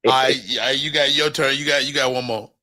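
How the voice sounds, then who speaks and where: A man's voice: medium pitch, little pitch movement, fairly quick, sharp tone. A man hosting a podcast, chatting casually and bantering playfully with his guest. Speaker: podcast host. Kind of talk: casual chat.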